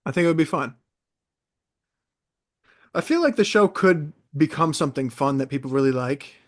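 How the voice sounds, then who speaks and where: A young man from New York chats casually as a podcast co-host, his voice sitting a little higher than most men's. He rambles through an animated story with lots of fillers and restarts. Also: moderate pace. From New York, USA. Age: 20s.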